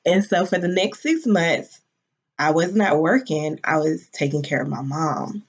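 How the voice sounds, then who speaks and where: A woman's voice: low-pitched, a little slow, breathy edge. A woman in her forties telling a personal story candidly and emotionally, with casual swearing. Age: 40s. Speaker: business founder. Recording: dull lo-fi audio.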